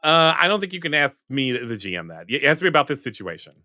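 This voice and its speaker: Bright, animated game master. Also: male voice, medium pitch, fast talker, no room sound, clean studio sound. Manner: rambling, full of fillers and self-corrections. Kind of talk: narrating a tabletop game.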